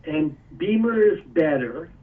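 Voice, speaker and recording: A man's voice: a little high, animated, a little slow, distant mic, phone-quality sound. A man being interviewed, explaining step by step with a few chuckles. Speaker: guest, energy tool maker. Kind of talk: casual interview.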